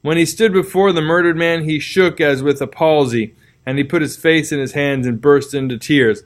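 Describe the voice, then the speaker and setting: A man narrates a classic novel with a measured, dramatic delivery. His voice sits a little higher than most men's, steady and deliberate through the long sentences. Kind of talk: audiobook reading of a classic novel.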